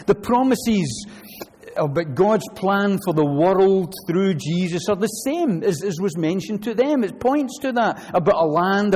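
A man preaching a sermon, animated, moving between loud emphasis and quiet asides. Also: high voice, slight background noise. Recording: long hall reverb.

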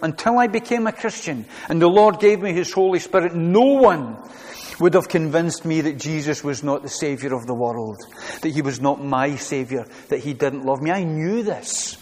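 A man's voice: a little high, normal speed, darkish tone, long reverb tail. A man preaching a sermon to his congregation, earnest and repeating his phrases as he goes. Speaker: pastor.

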